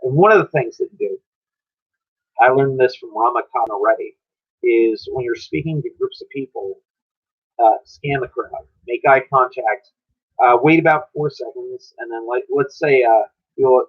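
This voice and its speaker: A man talks loosely and chattily as he hosts a livestream, often stumbling and restarting his sentences. His voice is slightly husky. The audio sounds dull and low-fidelity, like a lo-fi stream mic. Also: normal speed. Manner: loose and chatty, restarts phrases, answers chat. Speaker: livestream host. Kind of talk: casual advice on a livestream.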